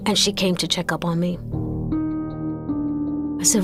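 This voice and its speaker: Animated woman telling a story. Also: fairly low pitch, a little slow. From Brooklyn, New York. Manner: animated, stammering repeats, acts out voices. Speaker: interview guest. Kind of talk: emotional personal storytelling. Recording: music playing underneath.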